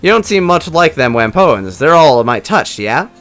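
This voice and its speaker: A man voicing a tough, friendly Irish woman who used to be a ranger, in a rough, attempted Irish accent, chatting casually. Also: a little high, very animated, normal speed, fairly bright tone, soft background music, voice pushed up. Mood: chatty.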